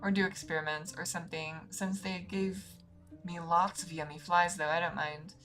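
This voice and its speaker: A woman's voice: lowish voice, little pitch movement, normal speed, fairly bright tone, faint music behind, close to an everyday voice. Spider, a woman voicing a chirpy friendly giant spider. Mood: cheerful. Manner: bouncy, cheerful, childlike.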